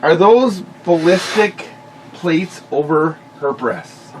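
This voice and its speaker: A man with a somewhat high voice who chats casually and drops teasing wisecracks. He sounds set back from the microphone, and faint noise hangs in the background. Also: lively intonation, slow pace, distant mic, low-quality recording. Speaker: podcast co-host. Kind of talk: casual chat.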